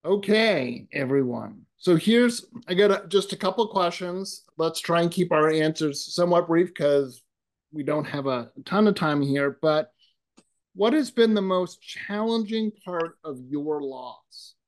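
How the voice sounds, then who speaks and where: Brisk man moderating a panel. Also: fairly high pitch, lively intonation. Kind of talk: casual chat. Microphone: video call.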